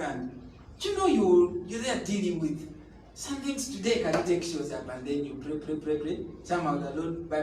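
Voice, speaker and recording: Off the mic in an echoey space with faint noise, a man with a high voice preaches a sermon. He is emphatic and repetitive, returning to key phrases and now and then launching into tongues or sung lines.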